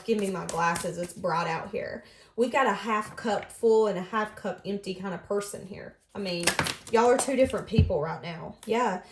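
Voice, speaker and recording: A woman talks through a tarot reading in a casual, heartfelt way. She often slips into the voice of the person she is reading about. Her pitch sits in the middle range, and the room around her is echoey. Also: noisy background. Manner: earnest, emotive, speaks from the other person's view. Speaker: tarot reader.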